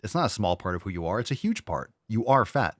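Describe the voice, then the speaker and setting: Combative male host, low voice, dry close sound, sarcastic ranting commentary. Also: very animated, fast talker, no room sound. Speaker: show host. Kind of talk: ranting commentary over video clips.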